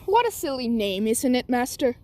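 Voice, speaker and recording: A woman voicing a calm, matter-of-fact robot sidekick in a homemade story. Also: a little high, normal speed. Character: helpful robot sidekick, amused.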